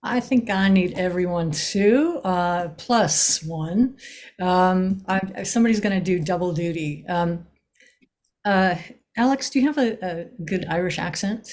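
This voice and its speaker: Slow, low-toned woman casting her play. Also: a little mellow. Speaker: playwright casting readers. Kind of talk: casual chat on a video call.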